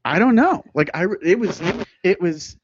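A man's voice: high voice, lively intonation, husky, no echo. Casual man, rambling storyteller, dry muffled close-mic sound. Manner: laughing, rambling storyteller with quick asides. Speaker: guest musician. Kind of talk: casual podcast chat.

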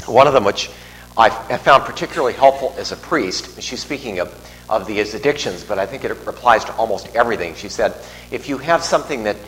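A man's voice: fairly low pitch, a little fast, a bit bright. A middle-aged man, a priest, giving a homily in a conversational, digressive way with restarts and asides. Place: church. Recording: long reverb in a large church, faint hum.

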